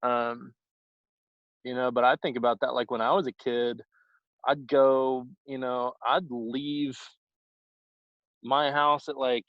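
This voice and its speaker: A man in his thirties from Houston talks in an unhurried, drawn-out way, co-hosting a loose conversation. He meanders through his thoughts with plenty of fillers. The sound is slightly muffled and dry, with no room around it. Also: mid-range voice, level tone, no room sound. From Houston, Texas. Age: 30s. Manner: rambling, many "like" and "I mean" fillers. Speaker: high school teacher, co-host. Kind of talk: casual unscripted conversation.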